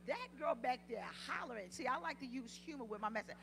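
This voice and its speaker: A woman's voice: sits high, animated, fast, hardly any pauses, slight background noise. Passionate woman preaching a sermon. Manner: call-and-response preaching, rising to loud passionate peaks, humorous asides. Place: church sanctuary.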